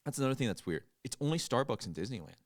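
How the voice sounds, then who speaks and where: A man co-hosting a podcast, telling stories in casual chat with animated, jokey delivery and quick silly impressions. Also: dry recording, studio quality. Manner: animated storytelling, bursts into silly high impressions. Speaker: podcast co-host.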